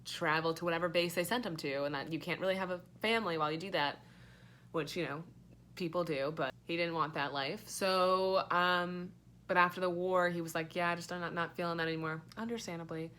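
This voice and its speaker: A woman's voice: fairly low pitch, a little fast, a bit bright. A young woman giving a casual, rambling book review, sarcastic and full of fillers and swearing.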